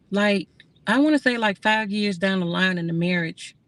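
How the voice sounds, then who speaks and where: A woman's voice: mid-range voice, measured pace, no room sound. A woman hosting a casual livestream. She talks candidly and rambles, swears freely, laughs often and chats with her viewers. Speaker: livestream host.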